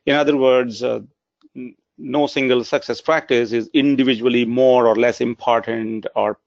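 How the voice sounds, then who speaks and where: A man's voice: mid-range voice, steady tone, moderate pace, gravelly, no echo. A man giving a webinar presentation in an earnest tone, with frequent filler sounds. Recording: dry, dull lo-fi webinar audio.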